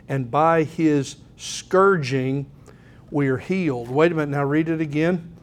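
A middle-aged man preaching a sermon in an earnest, folksy way, often clearing his throat. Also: fairly high pitch, measured pace. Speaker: pastor.

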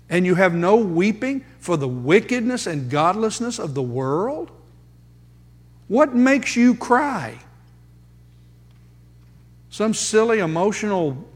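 Male pastor, high voice, slow and emphatic delivery, long hall reverb behind him. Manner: emphatic preaching with dramatic pauses and rhetorical questions. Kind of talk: sermon.

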